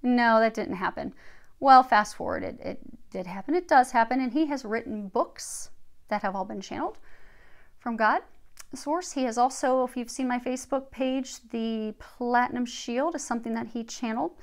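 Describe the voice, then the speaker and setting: Higher-voiced woman giving a spiritual talk. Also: moderate pace. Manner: animated storytelling with soft murmured asides. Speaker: spiritual healer and reader. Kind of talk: casual spiritual talk and reading aloud.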